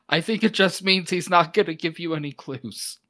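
A man's voice: on the high side, moderate pace, bright, forceful tone. A man playing a tabletop game, speaking casually and hesitantly. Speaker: player.

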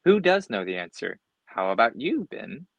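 A man voicing a firm, measured schoolteacher, reading a storybook aloud. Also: mid-range voice, very animated, creaky, no room sound.

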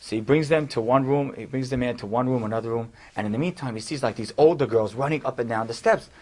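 A man's voice: medium pitch, fast, a little mellow. A man, a rabbi, telling a story to his class in a conversational way with casual asides.

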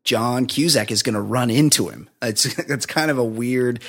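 A man's voice: mid-range voice, moderate pace, a bit bright. A man hosting a casual podcast, recapping a film's plot in a rambling way, laughing often and acting out quoted lines. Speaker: podcast host. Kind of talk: casual movie review chat.

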